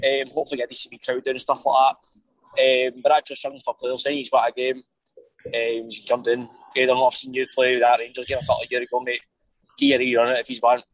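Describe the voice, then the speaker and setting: A man's voice: medium pitch, completely flat delivery, fast, no echo, rough recording. A Scottish man calling in to a football podcast, hesitant and full of ums and ayes. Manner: hesitant, filler-heavy, 'um' and 'aye'. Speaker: caller. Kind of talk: casual chat.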